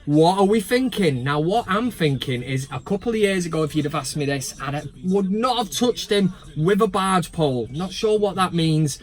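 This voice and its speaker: A man hosting a fan channel, talking in a sweary, sarcastic, animated rant. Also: sits high, normal speed, few pauses. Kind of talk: ranting casual vlog.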